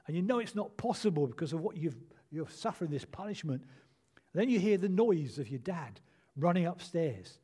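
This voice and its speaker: An older pastor preaches a sermon in a measured, earnest way, pausing to let points land. His voice is warm and mellow, pitched a little above the usual for a man. He speaks steadily, with gentle emphasis. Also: animated, breathy edge.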